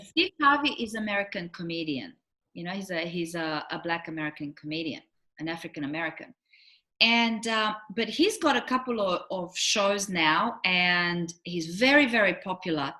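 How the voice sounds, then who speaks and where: Her voice sits on the low side and moves at a moderate pace. She's a middle-aged relationship coach in a casual chat, telling her stories with energy and acting out the quotes of everyone in them.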